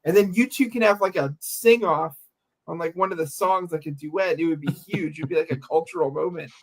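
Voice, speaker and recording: Guy with a high voice rambling on a podcast, like, anyway, like. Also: fairly quick, poor audio. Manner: rambling, lots of likes and anyways. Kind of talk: casual chat.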